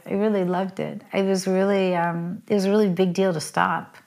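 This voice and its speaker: A middle-aged woman telling her life story as an interview guest, chatty and quick, with lots of "like" fillers. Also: mid-range voice, fairly even intonation, a little mellow. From United States. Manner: chatty, fast, full of "like" fillers. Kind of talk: candid personal storytelling.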